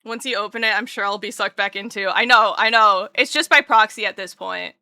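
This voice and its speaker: A young adult woman livestreams a casual chat with her viewers, sounding bubbly and excitable, her voice jumping up whenever she greets someone. She throws in jokey, self-mocking asides at a medium pitch and a slightly quick pace. The studio-quality audio has no echo.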